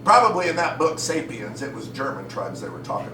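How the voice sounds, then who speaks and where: A man performing live improv comedy, animated and laughing, with some swearing. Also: mid-range voice, fairly quick, few pauses. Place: stage at a comedy festival. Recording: roomy, distant mic, loud crowd noise.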